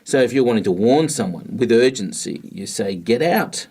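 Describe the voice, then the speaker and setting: A man teaching a grammar lesson, explaining in a patient, measured way with pauses. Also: mid-range voice, mellow, slight background noise.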